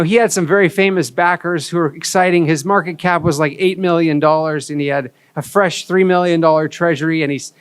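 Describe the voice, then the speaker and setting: A man's voice: on the high side, smooth, no room sound. A man giving a candid, self-deprecating storytelling talk as a conference speaker, on a stage.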